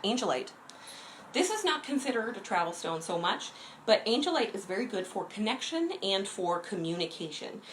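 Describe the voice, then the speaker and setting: Chatty woman host, lowish voice. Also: slight background noise. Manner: enthusiastic, chatty, frequent fillers. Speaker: host of a witchcraft livestream. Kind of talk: casual livestream talk.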